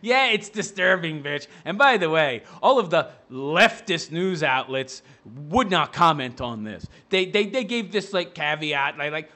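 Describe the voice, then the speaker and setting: A man's voice: a little high, lively intonation, unhurried, hardly any pauses, sharp tone. A man giving a profane, sarcastic rant as a commentary vlogger, mocking the person he is reacting to.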